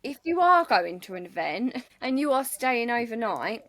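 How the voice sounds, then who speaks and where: A woman's voice: fairly high pitch, very animated, normal speed, fairly bright tone, dry recording. A woman co-hosting a casual podcast, telling stories animatedly and laughing through her words. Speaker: podcast co-host, nail tech. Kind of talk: casual chat.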